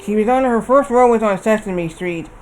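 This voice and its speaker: A man's voice: high-pitched, brisk, soft background music, low-quality recording. A man streaming a game, chatting casually and telling a long rambling story that circles back on itself. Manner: rambling storyteller, repeats himself. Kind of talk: casual chat while gaming.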